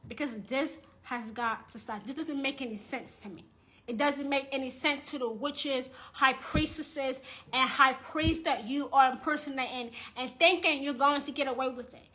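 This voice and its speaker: A woman who calls herself a high priestess, ranting angrily and bluntly on a live stream and often repeating herself. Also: sharp tone. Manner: angry, blunt and repetitive, with cursing. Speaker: self-described high priestess and witch. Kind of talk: live-streamed rant to followers. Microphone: phone or camera on a live social stream.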